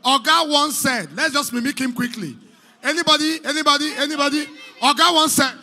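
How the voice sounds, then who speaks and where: A man's voice: extremely high pitch, a little fast, pushed and bright. A man with a Nigerian accent working as master of ceremonies at an indoor party, hyping the crowd with playful, sing-song pidgin banter.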